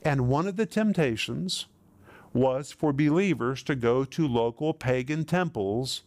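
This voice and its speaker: A man's voice: medium pitch, measured pace, darkish tone, dry recording. A man preaching a sermon as pastor, candid and practical, building points with dramatic repetition.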